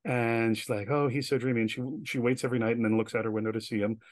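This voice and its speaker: A man guest telling stories in a casual interview, chatty and animated, with many filler words. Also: on the low side, quick pace, no echo. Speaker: guest, director and writer.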